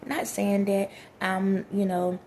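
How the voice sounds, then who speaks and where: A woman's voice: medium pitch, level tone, takes it slowly, warm tone, a little hiss or hum. A woman, giving blunt, preachy relationship advice straight to her listeners in a casual monologue.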